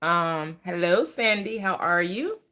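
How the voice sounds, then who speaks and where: Woman streamer, bright-toned, blunt, laughs often, casual. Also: fairly low pitch, expressive, takes it slowly. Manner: blunt, laughing, talks back to chat. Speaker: live stream host. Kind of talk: casual live chat.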